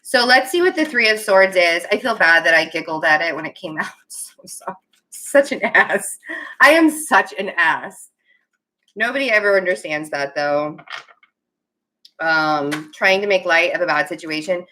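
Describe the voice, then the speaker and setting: A woman with a bright, forward voice gives a casual tarot reading to her viewers. She rambles, trails off mid-thought and laughs nervously, then apologizes again and again. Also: fairly low pitch, lively intonation, normal speed. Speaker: tarot reader.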